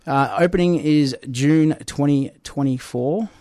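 Unhurried man, dry. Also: fairly high pitch, dark tone, no echo. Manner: unhurried, hesitant, many "uh" and "um" fillers. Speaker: guest describing a construction site. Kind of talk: casual podcast chat.

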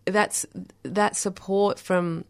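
A woman's voice: medium pitch, steady tone, very slow, creaky, clear, resonant tone. Reflective woman poet. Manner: reflective, many fillers like "you know". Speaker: poet and author guest. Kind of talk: radio interview.

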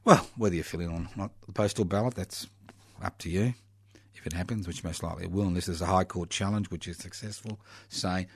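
A man's voice: sits low, a little fast, breathy edge, no room sound. A man hosting a community radio show, delivering a sarcastic, mocking political monologue with scornful laughs.

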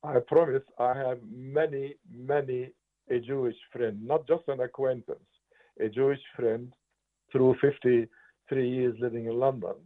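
A man in his eighties from Palestine, giving earnest, emphatic interview answers and repeating words for stress. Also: medium pitch. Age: 80s. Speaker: interviewed writer and political analyst. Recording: tinny phone-line audio.

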